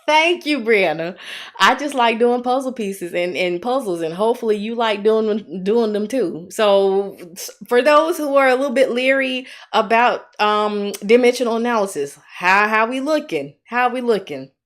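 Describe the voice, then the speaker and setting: A woman's voice: fairly high pitch, lively intonation. Encouraging woman with an Alabama accent. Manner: chatty, encouraging, reads viewer comments aloud; slow, deliberate when working steps. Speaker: nursing tutor. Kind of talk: live-stream tutoring.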